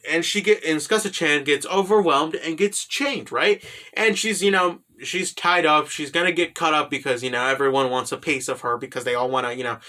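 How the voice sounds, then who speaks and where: A man's voice: a little high, sharp tone. A man giving a rambling, profane, casual recap of an anime, filled with "you know" and "right?".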